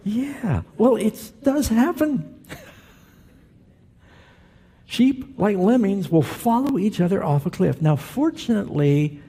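A middle-aged male pastor with a dark, mellow tone and a slightly husky edge. He preaches in an easy storytelling way, slipping in humor and turning to the congregation with questions. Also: high-pitched, animated, slow, long pauses. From Southern California. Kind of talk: sermon.

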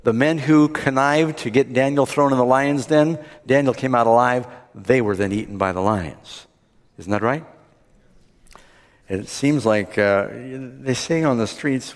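A man preaching a sermon, retelling a Bible story and acting out the characters' lines with lively swings in pitch. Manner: acts out the characters' lines with rising animated pitch. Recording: long hall reverb.

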